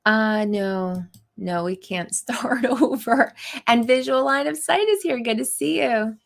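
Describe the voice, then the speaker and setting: Slow, gravelly woman chatting live. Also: a little high. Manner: chatty, laughs often, many fillers. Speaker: livestream host. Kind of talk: casual live chat reading viewer comments.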